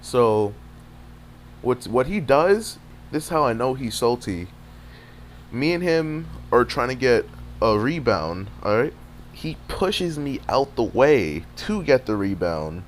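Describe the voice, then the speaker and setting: Casting: young man, mid-pitched, swearing storyteller, lively slang, faint hum. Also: slow pace. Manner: animated, profane, streetwise slang. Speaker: gaming video creator. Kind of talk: casual storytelling over gameplay.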